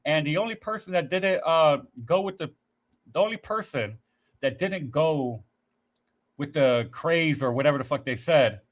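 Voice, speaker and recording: A man's voice: a little high, moderate pace. A man in casual podcast chat, telling rambling, profanity-laced stories with acted-out quotes. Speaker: podcast host.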